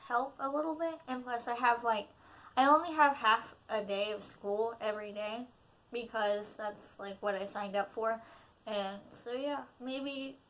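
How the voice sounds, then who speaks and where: A woman's voice: a little high, a bit bright. A teenage girl telling a casual storytime vlog, rambling with lots of fillers and self-deprecating asides. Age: teens. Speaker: vlogger.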